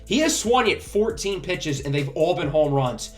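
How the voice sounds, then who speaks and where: Excitable young man calling game highlights. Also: normal speed, hardly any pauses, faint music behind. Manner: excitable sportscaster calls, rising on big hits. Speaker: gaming YouTuber. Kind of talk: play-by-play commentary of a video game.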